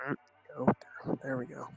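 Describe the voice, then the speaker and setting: A man's voice: normal speed, soft background music. A man streaming a group game session, chatting casually and joking with his party. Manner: relaxed, jokey, laughs often. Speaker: streamer playing as mage. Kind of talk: casual gaming chat.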